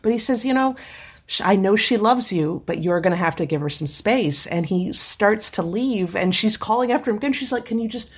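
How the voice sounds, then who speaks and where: A woman's voice: mid-range voice, animated, brisk, husky. A woman co-hosting a podcast, chatting casually and enthusiastically retelling a webcomic's scenes. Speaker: podcast co-host. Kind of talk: casual chat recapping a webcomic.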